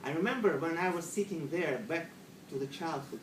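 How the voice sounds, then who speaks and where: A middle-aged man with a Russian accent tells a humorous story to an audience. He is animated, acts out panicked quotes, and speaks slightly broken English. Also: on the high side, fairly quick. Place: room with a live audience. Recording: echoey room from far off, noisy ambience.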